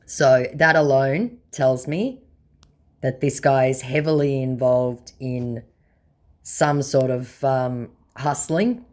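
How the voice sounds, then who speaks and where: A woman's voice: very deep voice, slow pace, darkish tone. A woman hosting a scambaiting channel, talking casually and bluntly with sarcasm while reading out chat exchanges.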